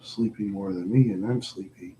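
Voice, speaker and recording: A tired, sleepy man chatting alone on a livestream, talking slowly with sighs and trailing words. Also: low-pitched, warm tone, slight background noise, rough recording. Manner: slow, drowsy, sighing and trailing off. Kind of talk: sleepy solo livestream chat.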